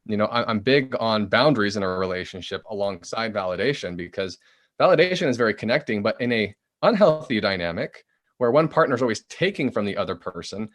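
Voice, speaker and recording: A man's voice: fairly low pitch, a little fast, dry recording, studio quality. A man, a book author, explaining as a podcast guest in an easy conversational way, often acting out short quoted phrases. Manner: animated, acts out quoted phrases.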